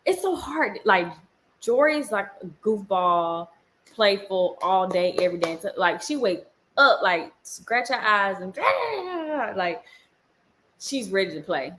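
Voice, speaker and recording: A young woman and mother chatting casually with viewers on a livestream, animated and laughing often, breaking off to tell her toddlers off. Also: mid-range voice. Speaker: mom vlogger on a livestream.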